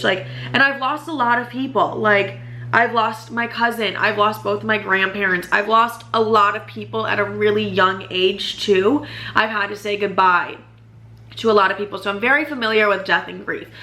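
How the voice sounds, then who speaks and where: A young woman with a bright, sharp-edged voice tells a personal story straight to her viewers. She talks casually and emphatically, peppering every sentence with "like" and frequent swearing, sounding candid and unfiltered. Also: medium pitch, slight background noise. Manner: emphatic and chatty, heavy swearing and constant "like" fillers. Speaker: YouTube vlogger.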